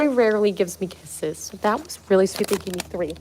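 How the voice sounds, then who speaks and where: A woman's voice: mid-range voice, brisk, hardly any pauses, darkish tone, a little hiss or hum. A young woman hosting a casual livestream, rambling and giggly, full of filler words as she talks to her viewers at home. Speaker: livestream host.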